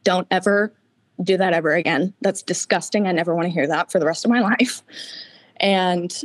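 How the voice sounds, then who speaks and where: A woman's voice: lowish voice, normal speed, no room sound. A woman guest giving a candid, emotional personal account in an interview, tearful at times.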